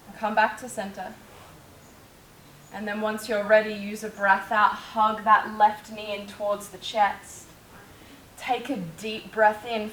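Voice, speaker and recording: Calm woman guiding a yoga class. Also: mid-range voice, recorded from a distance, a little hiss or hum. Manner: calm, cueing breath and movement step by step. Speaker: yoga instructor. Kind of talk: guided yoga class instruction. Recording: echoey room, faint ambience.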